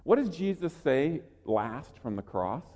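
High-voiced preacher echoing through a hall. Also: male voice, a little slow. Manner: energetic, earnest preaching with repeated words. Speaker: pastor. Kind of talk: sermon. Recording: long reverb of a large hall.

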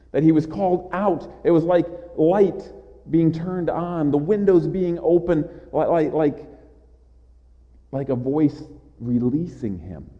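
A man's voice: fairly high pitch, dark tone. A man preaching a sermon in an earnest way, with small stammered restarts and rhetorical questions. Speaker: pastor. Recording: dull audio with long hall reverb.

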